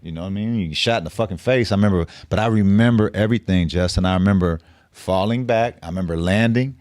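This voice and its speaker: A man's voice: deep voice, fast, darkish tone, dry recording, clean studio sound. A middle-aged man from the Bay Area, a guest telling his story in a blunt, profane, streetwise way. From San Francisco Bay Area. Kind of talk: casual storytelling interview.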